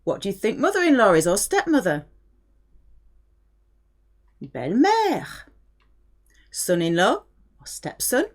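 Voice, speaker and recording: A middle-aged woman from France teaches a language lesson, taking her time with each phrase. Her voice moves up and down with plenty of expression as she patiently models and explains. She sits at a moderate pitch for a woman. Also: wildly swooping pitch, takes it slowly, long pauses. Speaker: French teacher.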